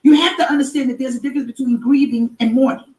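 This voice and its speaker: Emphatic preaching woman, high voice, echoey room. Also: fairly even intonation, quick pace, far from the mic. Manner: emphatic, repeating, rising to shouts. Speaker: inspirational live-stream host. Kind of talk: preaching-style motivational talk. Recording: echoey room, off-mic with background noise.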